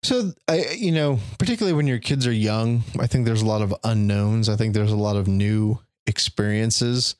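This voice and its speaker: A man's voice: lowish voice, moderate pace, few pauses, darkish tone, clean tone, dry recording, studio quality. A middle-aged man as a podcast guest, talking in a reflective, thorough and self-deprecating way. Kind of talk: casual conversational interview.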